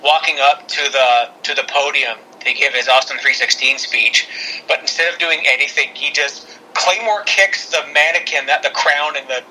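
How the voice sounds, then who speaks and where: A man's voice: a little high, normal speed, sharp tone, slight background noise, low-quality recording. A man co-hosting a podcast, chatting in a playful, jokey way with some hesitant restarts. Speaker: podcast co-host. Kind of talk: casual wrestling chat.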